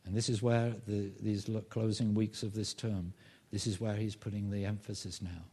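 A man preaching a sermon as pastor, emphatic, rising loud on key phrases and dropping low to make a point. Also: little pitch movement, normal speed, slightly rough.

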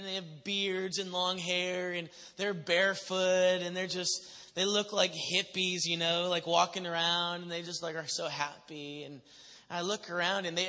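A male pastor telling his story in a sermon, lively and acting out what people said. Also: sits high. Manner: animated storyteller who acts out quotes. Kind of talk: sermon testimony to a congregation. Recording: long reverb of a large hall.

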